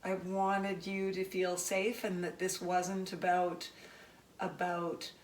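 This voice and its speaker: A woman hosting an interview, speaking gently and reflectively. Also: fairly low pitch, monotone, slow. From Canada. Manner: gentle, reflective, soft-spoken. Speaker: host. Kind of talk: interview conversation. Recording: echoey room from far off, faint noise.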